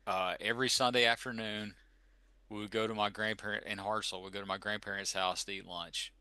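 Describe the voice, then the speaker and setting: Low, bright-voiced man reminiscing. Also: flat delivery, brisk, smooth, dry recording. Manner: rambling reminiscing with restarts. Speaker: podcast co-host. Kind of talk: casual chat.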